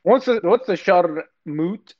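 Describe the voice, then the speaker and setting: A man's voice: high-pitched, lively intonation, slow, darkish tone, no echo, dull audio. A young man in a casual chat with friends, laid-back and patiently explaining things.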